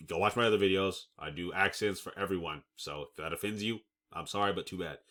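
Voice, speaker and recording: A man with a fairly low, fairly bright voice hosts his own channel, reading news reports aloud and commenting on them emphatically. He keeps checking in with "okay?" and laughs at himself whenever he stumbles over his words.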